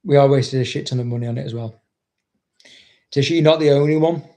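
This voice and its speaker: On a livestream, a dog trainer rambles casually through viewer comments, blunt and swearing constantly. He talks fast, with a medium-pitched voice and a warm tone.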